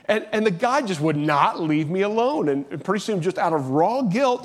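A middle-aged male pastor delivers a sermon in an earnest, conversational way. His voice sits a little on the high side, and he often stops and restarts his sentences as he works toward his point. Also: animated, moderate pace, hardly any pauses.

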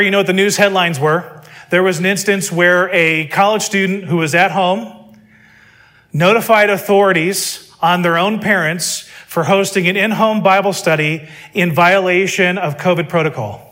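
A man's voice: high-pitched, pushed and bright. A man preaching a sermon, emphatic and full of rhetorical questions.

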